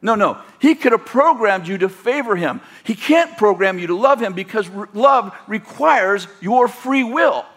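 A male pastor with a notably high voice, delivering a sermon in a loose, rambling way. He trips over his own phrases and restarts them. He also prompts the congregation to repeat key words back to him. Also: expressive, measured pace, hardly any pauses, a bit bright. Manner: rambling, self-correcting, leads the congregation in call-and-response.

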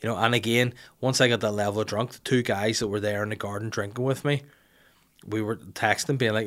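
A man's voice: on the low side, steady tone, fast, a bit bright. A man, telling a rambling, jokey, self-mocking story in casual chat. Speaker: podcast host telling an anecdote.

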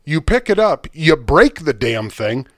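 A fired-up man with a slightly high voice rants through a story on his podcast, swearing freely. The sound is close and dry with no room around it, like a studio mic. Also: very animated, a little slow, no echo. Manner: ranting, profane, fired-up storytelling. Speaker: podcast co-host. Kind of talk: casual chat.

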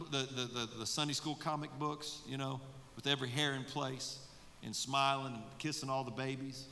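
A man's voice: fairly high pitch, pushed and bright. A man, a pastor, preaching at a midweek Bible study, emphatic and full of rhetorical questions to his congregation. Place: church sanctuary. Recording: long reverb of a large room.

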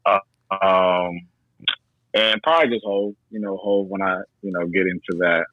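A man's voice: low voice, moderate pace, no room sound, phone-quality sound. A man talking casually as a podcast guest, laid-back and slangy, often repeating himself as he works out what to say.

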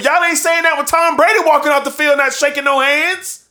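A man's voice: extremely high pitch, fairly even intonation, moderate pace, bright, forceful tone. A man hosting a sports show, ranting emphatically and repeating his points for effect, with bursts of laughter between points. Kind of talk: sports opinion rant.

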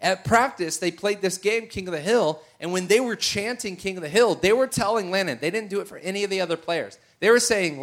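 A middle-aged man preaching a sermon, telling a personal story with animated bursts and occasional shouts. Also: high-pitched, a little fast.

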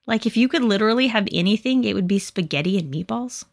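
A woman's voice: medium pitch, lively intonation, quick pace, creaky. A woman hosting a casual podcast, chatty and playful, often laughing. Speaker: podcast host.

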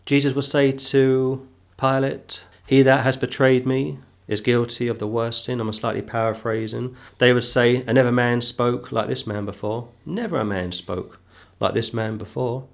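Guy preaching a bible study, reads verses slow then repeats lines for punch, mid-pitched voice. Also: fairly even intonation, creaky. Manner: reads scripture slowly, then comments with emphatic repetition. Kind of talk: Bible teaching sermon.

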